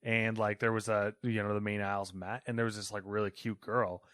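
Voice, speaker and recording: A man's voice: fairly low pitch, level tone, fairly quick, a bit bright, clear, resonant tone, dry recording, studio quality. A man co-hosting a gaming news podcast, telling stories in a rambling, casual way with many fillers. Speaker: podcast co-host reading news. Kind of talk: casual chat.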